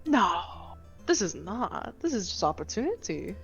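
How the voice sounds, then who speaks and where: A woman's voice: medium pitch, unhurried, creaky, muffled recording, faint music behind. A woman playing in a tabletop game, chatting casually and laughing. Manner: lively, laughing. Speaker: player. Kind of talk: casual chat.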